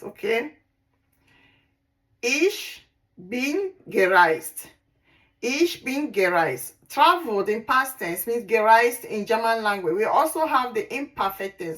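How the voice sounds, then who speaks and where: A woman with a somewhat high voice gives a language lesson at a very unhurried pace. She says each word deliberately and repeats it, pausing on fillers and correcting herself as she goes. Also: fairly bright tone, low-quality recording. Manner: slow, deliberate, repeats words for practice; frequent fillers and self-corrections. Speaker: language teacher. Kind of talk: slow spoken language lesson.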